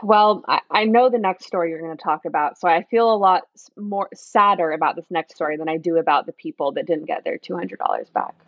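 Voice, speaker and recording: A woman's voice: lowish voice, brisk, few pauses, no room sound. A woman co-hosting a casual news podcast, teasing her co-host in a wry manner. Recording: dull dry sound.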